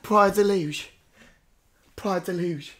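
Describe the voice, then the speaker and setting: A woman hosting a comedy podcast, playing a psychic with theatrical calls and hushed whispers. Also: fairly low pitch, slow pace. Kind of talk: improvised comedy psychic reading.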